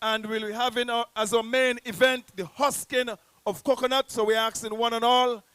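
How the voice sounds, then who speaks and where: A man's voice: very high voice, level tone, normal speed, a bit bright, clear, resonant tone, dry recording. A man with a Nevisian accent hosting a poetry event in a public square, rousing the crowd like a theatrical announcer. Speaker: host. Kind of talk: live event emcee.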